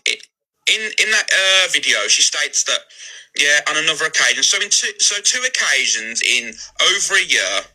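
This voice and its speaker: A man's voice: fairly high pitch, bright, forceful tone, low-quality recording. A man ranting defensively on a live stream, agitated and swearing often. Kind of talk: heated live-stream rant.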